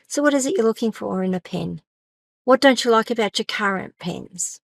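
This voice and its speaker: A woman's voice: a little high, a bit bright, no echo. A middle-aged woman hosting a casual solo business podcast, chatty and rambling, with a self-deprecating touch. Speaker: podcast host.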